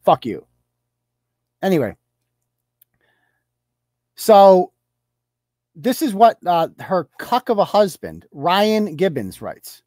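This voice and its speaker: A man's voice: fairly high pitch, very animated, slow, long pauses, darkish tone, dry recording. A man rants as a podcast host, swinging his voice up and down as he mocks what he reads. His talk is blunt, sarcastic and full of swearing, and the sound is dry and close to the mic. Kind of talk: ranting commentary on social media posts.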